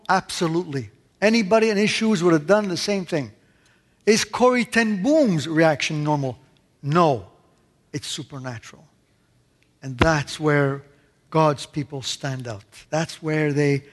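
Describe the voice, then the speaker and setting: Male pastor, sermon and prayer, emphatic with hushed dips, slightly high voice, long church reverb. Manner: emphatic, swings between loud stresses and hushed asides.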